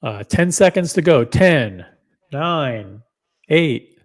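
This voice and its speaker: A man's voice: a little high, lively intonation, slow. A man hosting a casual livestream, talking straight to viewers in an upbeat way. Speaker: livestream host.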